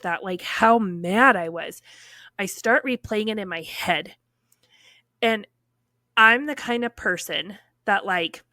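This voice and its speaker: Animated woman telling a story, bright voice. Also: mid-range voice, no room sound, clean studio sound. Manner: animated, many fillers, acts out quotes. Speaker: podcast guest telling her story. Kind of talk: casual storytelling.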